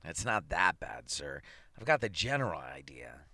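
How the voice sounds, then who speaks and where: Man voicing newspaper columnist, wry, casual, wisecracking, deep voice. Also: big pitch swings, moderate pace, gravelly, sharp tone, no room sound, full character voice. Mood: curious.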